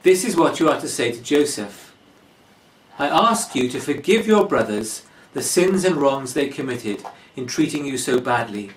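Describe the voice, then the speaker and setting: A man preaching a sermon in a slow, deliberate expository manner. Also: medium pitch, very animated, a little hiss or hum. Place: church. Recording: echoey church from far off.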